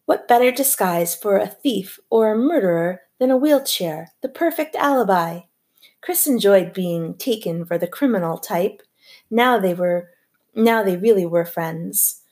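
A woman narrating a novel as an audiobook reader, with a measured, even storytelling delivery. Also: medium pitch. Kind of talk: scripted narration.

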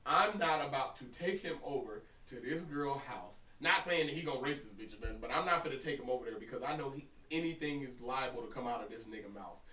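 A young man co-hosting a podcast, telling a story in casual, profane chat with an animated delivery. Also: mid-range voice, fast talker, few pauses, far from the mic. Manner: animated, profane, breaks into laughter. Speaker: podcast co-host. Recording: roomy echo, somewhat off-mic.

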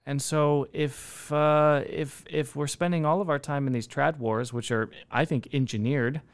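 Male host of a livestream panel, gravelly yet smooth voice, wry. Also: fairly high pitch, steady tone, a little slow. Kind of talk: casual discussion on a livestream panel.

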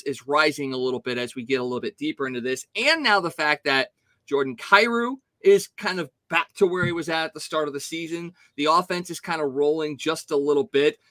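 A man breaks down hockey games on a casual podcast, talking with animated conviction. His voice sits a bit high and sounds bright. The recording is dry and close. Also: no room sound. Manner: animated, opinionated hockey analysis. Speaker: podcast co-host. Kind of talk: casual sports talk.

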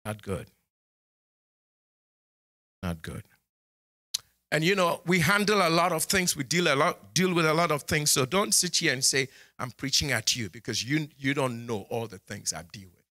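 A man preaching a sermon in church as the pastor, scolding his congregation and swinging from low asides to high exclamations. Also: expressive, normal speed, pauses often, bright, forceful tone.

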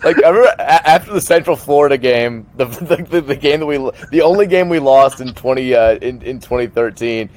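A man's voice: medium pitch, fairly quick, hardly any pauses, darkish tone. Easygoing man teasing his co-host. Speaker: podcast co-host. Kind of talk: casual sports chat.

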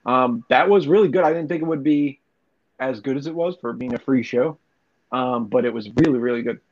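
A man's voice: mid-range voice, fairly quick. A young man telling profane, rambling stories in casual podcast chat. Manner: rambling, profane storytelling with laughs. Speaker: podcast co-host. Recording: dull lo-fi recording.

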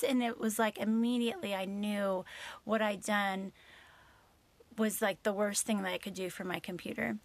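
A woman's voice: medium pitch, fairly even intonation, moderate pace. Woman telling an emotional personal story. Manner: emotional, many fillers, quotes herself and others.

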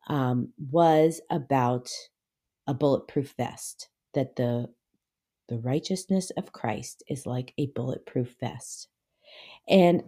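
A middle-aged woman hosting a Christian podcast, telling a story in a chatty, rambling way that turns animated as she retells it. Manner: chatty storytelling, lots of "like" and "anyway"; grows animated and high-pitched when retelling. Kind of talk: devotional podcast talk.

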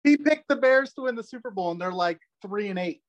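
Brief: relaxed guy on a call, bro-ish banter, dry sound. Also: sits high, no echo. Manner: laid-back, says bro and dude, quick rants. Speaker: guest. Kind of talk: casual chat. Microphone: video call.

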